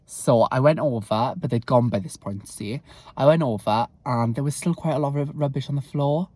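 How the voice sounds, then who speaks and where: A young man, telling stories in a casual vlog with a chatty, animated manner. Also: medium pitch, normal speed, echoey room. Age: young adult. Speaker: vlogger.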